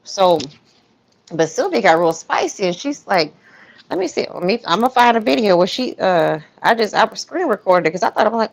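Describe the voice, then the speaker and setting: A woman's voice: mid-range voice, sing-song, normal speed, gravelly. A woman hosting a casual livestream, commenting in a chatty, rambling and emphatic way. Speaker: YouTube commentator.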